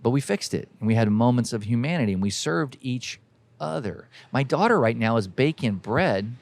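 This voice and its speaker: A man's voice: mid-range voice, expressive, normal speed, creaky, no echo. A man hosting a podcast, delivering a folksy, emphatic motivational monologue that exhorts listeners directly. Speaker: podcast host.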